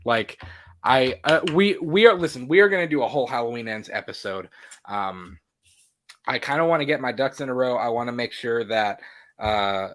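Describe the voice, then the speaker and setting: A man co-hosting a movie podcast in a relaxed, rambling way, full of fillers and self-corrections. His voice sits at a mid pitch. It is recorded dry and close, with no room sound. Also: moderate pace, dry recording. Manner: rambling, lots of fillers and restarts. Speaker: podcast co-host. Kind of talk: casual movie chat.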